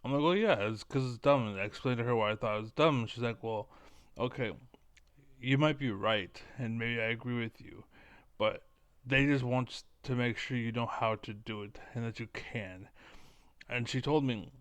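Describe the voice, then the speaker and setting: A man talking casually to camera in a rambling, blunt and self-assured way, with a smooth voice. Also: medium pitch, fairly even intonation, moderate pace, fairly bright tone, no room sound. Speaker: online commentator.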